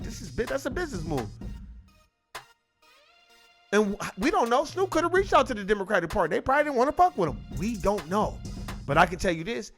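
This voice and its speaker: A man giving casual opinion commentary, emphatic, profane and repetitive. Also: high voice. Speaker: online commentator.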